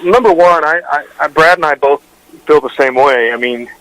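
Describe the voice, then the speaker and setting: A man's voice: a little high, moderate pace, fairly bright tone, low-quality recording. A man who hosts a radio show, telling stories in a casual interview with rambling restarts and fillers. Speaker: radio show host, guest.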